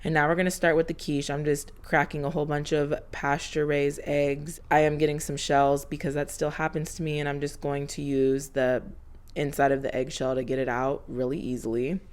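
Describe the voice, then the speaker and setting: Woman, 30s, low-pitched vlog narrator; chatty and earnest, slightly breathless. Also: flat delivery, moderate pace, a little mellow, clear, resonant tone. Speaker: homemaking vlogger. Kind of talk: casual voiceover narration.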